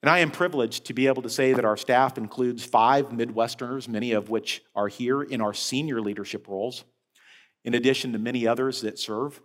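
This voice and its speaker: A man preaching a sermon as head of a senior-care ministry, telling a story with animated rises and falls. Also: medium pitch, brisk. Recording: long hall reverb.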